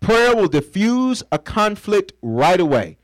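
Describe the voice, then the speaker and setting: A man with a high voice and wide pitch swings preaches slowly in a playful, conversational style, getting the congregation to finish his lines and acting out little scenes. It's call-and-response preaching, recorded with no echo and poor audio quality.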